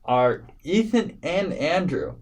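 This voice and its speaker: A man co-hosting a casual podcast, jokey and excitable, often stumbling over his words. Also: on the high side, takes it slowly, vocal fry, poor audio. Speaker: podcast co-host. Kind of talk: casual chat.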